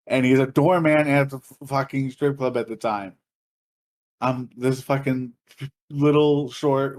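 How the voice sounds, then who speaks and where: A man's voice: medium pitch, a little mellow. A man on a podcast telling a long story in a casual, profane, laughing way. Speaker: podcast co-host.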